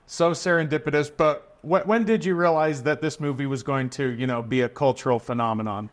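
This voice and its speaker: A man's voice: a little high, fairly quick. A man hosting a podcast, interviewing a guest with curious, brief prompting questions. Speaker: podcast host.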